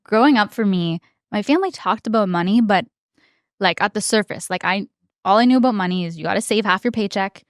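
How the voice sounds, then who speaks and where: A woman's voice: mid-range voice, a little fast, no room sound, clean studio sound. A young woman, a guest on a podcast, talking casually and acting out her past self as she tells stories. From Canada. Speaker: finance content creator guest.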